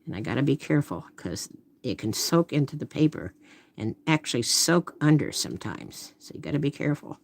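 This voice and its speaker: Woman artist, casual live-stream chat, thinks aloud and murmurs, lively swooping delivery. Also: very deep voice, a little fast. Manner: thinks aloud while painting, trailing off into murmurs.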